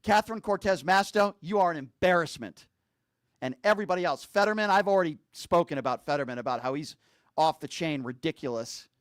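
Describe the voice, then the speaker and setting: A man's voice: a little high, expressive, brisk, dry recording, studio quality. A man giving an angry political commentary, hammering his points with repeated rhetorical questions. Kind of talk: angry political rant to camera. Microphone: streaming mic.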